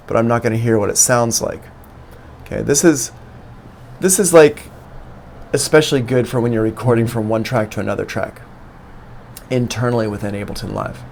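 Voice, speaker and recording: A man's voice: mid-range voice, creaky. A man giving a live-streamed music production lesson, explaining steps on screen one by one into a studio microphone. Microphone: studio microphone plugged into an interface.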